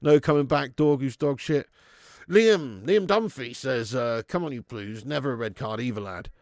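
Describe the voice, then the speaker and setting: Speaking at normal speed with a medium-pitched voice, a fan channel host leads a live football watch-along. He's animated, swears a lot, and reads viewers' messages out loud, recorded dry with clean studio sound.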